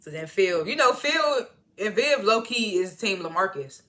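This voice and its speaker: A woman casually recapping and reviewing a TV episode, animated and slangy, with indignant asides as she retells the scenes. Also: medium pitch, unhurried. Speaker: TV show reviewer.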